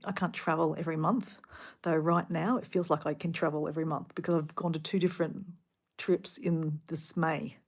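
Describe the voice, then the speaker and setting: A woman from Australia with an Australian accent, rambling casually in a travel vlog from a hotel room, full of fillers and sometimes dropping to a soft whisper. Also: low-pitched, fairly even intonation, moderate pace. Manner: chatty, rambling, filler-heavy, drops to a soft whisper at times. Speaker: travel vlogger.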